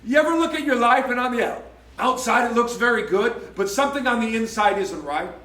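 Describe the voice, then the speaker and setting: A male pastor delivers a sermon, retelling the story and slipping into the voices of its characters. His voice sits very high. He is heard from a distance in a roomy, echoing church hall. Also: fairly quick. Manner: animated storytelling, acting out biblical characters' voices. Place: church sanctuary.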